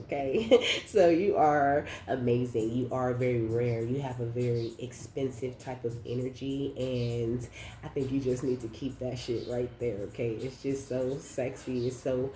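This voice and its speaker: A woman with a remarkably deep, dark and mellow voice gives a casual spiritual reading straight to her viewers. She is effusive and affirming, slangy, with the odd casual curse. The sound carries a roomy echo. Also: moderate pace, slight background noise. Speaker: intuitive card reader.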